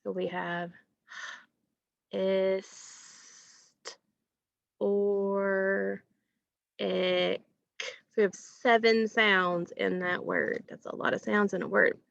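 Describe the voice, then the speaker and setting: A woman teacher giving a recorded phonics lesson to children, asking questions and pausing patiently for answers. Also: on the low side, fairly even intonation, vocal fry, a bit bright, no room sound, lo-fi sound. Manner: slow, patient, asks questions and pauses for answers.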